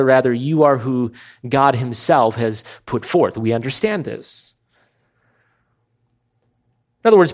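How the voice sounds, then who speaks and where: A man preaching verse by verse, voice sitting at an ordinary middle pitch. He speaks with deliberate emphasis and slows down sharply on the words he wants his listeners to catch. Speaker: pastor. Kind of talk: expository sermon.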